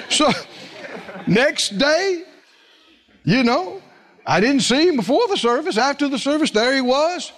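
A male preacher delivers a sermon in a notably high voice. His pitch leaps around as he tells stories, acts out quoted lines and keeps asking the congregation questions. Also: big pitch swings, a little slow, pauses often, fairly bright tone. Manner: storytelling with acted quotes, asks the congregation questions. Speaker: pastor.

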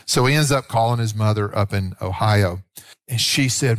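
A man, a pastor telling a story in a sermon in a folksy, animated way, acting out the voices of the people in it. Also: lowish voice, moderate pace, no room sound, studio quality.

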